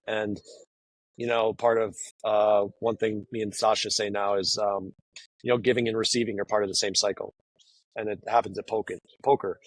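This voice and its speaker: Man, low husky voice, dry close sound, rambling casual guest talk. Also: fairly even intonation, moderate pace, no echo, low-quality recording. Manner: rambling, many fillers and restarts. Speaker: guest, professional poker player. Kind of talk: casual conversation.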